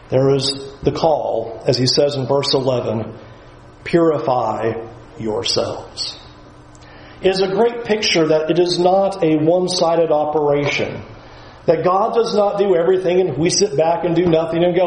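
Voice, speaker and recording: A man preaching a sermon, earnest and emphatic, at times dropping to a low, quiet voice. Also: moderate pace, echoey room, slight background noise, poor audio.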